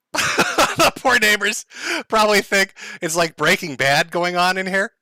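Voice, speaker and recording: A man's voice: sits high, lively intonation, slow, bright, forceful tone, no echo, studio quality. A man hosting a casual livestream from home, ranting sarcastically with frequent laughs, swearing and mock-tragic asides. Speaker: livestream host. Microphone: headphones and desk mic.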